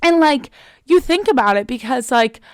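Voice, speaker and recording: A woman's voice: high voice, lively intonation, moderate pace, dry recording, studio quality. A young adult woman hosting her own podcast, talking in an earnest, chatty way with lots of fillers and open emotion. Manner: openly emotional, self-motivating. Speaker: podcast host. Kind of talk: casual solo podcast monologue.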